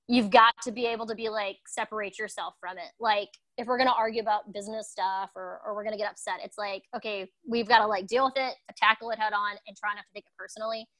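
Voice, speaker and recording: A woman chatting at a quick clip, candid and intense about what she says. Her voice sits at a middle pitch and is recorded dry and close, with no room sound. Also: fairly bright tone, no room sound, rough recording. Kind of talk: casual conversation.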